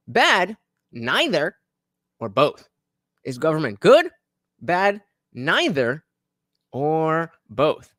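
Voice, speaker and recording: A man hosts a casual livestream and talks straight to his viewers in loose, rambling commentary full of fillers and false starts. His voice sits a little high and swings widely in pitch, and the sound is close and dry. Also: sing-song, takes it slowly, long pauses, fairly bright tone, no echo. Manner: rambling, with many fillers and restarts; chats directly to viewers. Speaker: livestream host reacting to a podcast clip.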